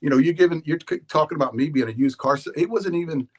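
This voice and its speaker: A man hosting a podcast, talking in a loose, rambling way with animated storytelling and frequent restarts. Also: a little high, fast talker. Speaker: podcast host. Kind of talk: casual rambling monologue.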